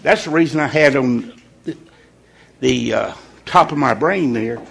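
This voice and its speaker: Gravelly man giving a folksy devotional. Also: fairly high pitch, animated, bright, forceful tone. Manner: folksy and conversational, with deliberate pauses. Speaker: devotional leader. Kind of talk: informal morning devotional talk.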